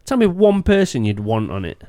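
A man's voice: medium pitch, big pitch swings, normal speed, dark tone, no room sound, clean studio sound. A man co-hosting a podcast, asking crude questions and rambling with plenty of swearing. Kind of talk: crude casual banter.

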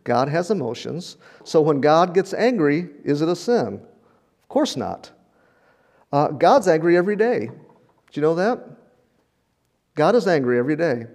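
A man's voice: fairly high pitch, sing-song, measured pace, long pauses, darkish tone. An older man preaching a sermon in a conversational, storytelling way, often repeating words and chuckling. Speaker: pastor.

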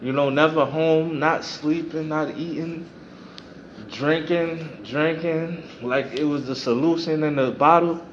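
Slow, reflective male podcast host. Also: on the high side, steady tone, lo-fi sound, slight background noise. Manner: reflective, repeats phrases for emphasis. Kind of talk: motivational podcast monologue.

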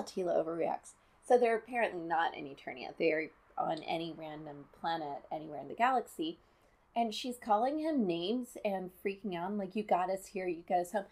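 A woman's voice: lowish voice, darkish tone. A woman giving casual, sarcastic commentary as she recaps a movie, exasperated and nitpicking.

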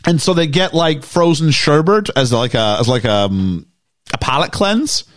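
Casual British male host, rambling and jokey, animated delivery, dry close sound. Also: fairly high pitch, measured pace, no room sound. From United Kingdom. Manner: rambling, jokey, many fillers. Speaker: podcast host. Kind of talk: casual movie discussion.

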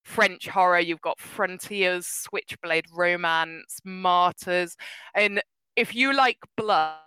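A woman chatting casually as a podcast co-host, animated and laughing often, her voice jumping up when she gets excited. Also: fairly low pitch, slow, clean tone, no room sound, low-quality recording. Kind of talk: casual chat.

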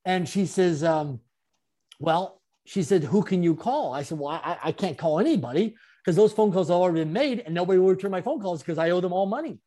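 Guy talking fast, kinda high voice, chuckling storyteller vibe. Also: warm tone. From Canada. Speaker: interview guest, speaker. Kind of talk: storytelling interview.

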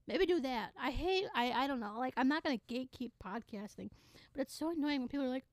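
A teenage girl hosting her own podcast, ranting in a sassy, sarcastic way with sudden loud bursts. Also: high-pitched, a little fast, no room sound. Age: teens. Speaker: podcast host. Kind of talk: casual solo podcast rant.

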